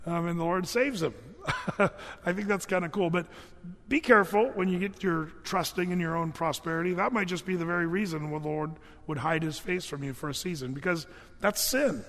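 Male pastor, high voice, earnest chatty sermon, in a reverberant hall. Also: fairly bright tone. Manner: conversational, earnest, with many fillers and restarts.

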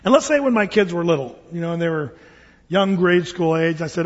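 A man's voice: on the high side, lively intonation, fairly quick. A man, a pastor, preaching a sermon in a conversational, humorous storytelling manner. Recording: reverberant hall, dull lo-fi sound.

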